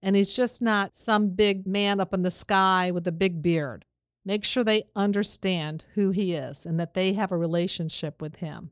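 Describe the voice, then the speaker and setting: An earnest woman talks parents through a religious lesson in a steady, instructive voice. Her pitch sits in an ordinary middle range. The recording is dry and close, with no room sound. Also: moderate pace, no room sound. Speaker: Christian teacher for parents.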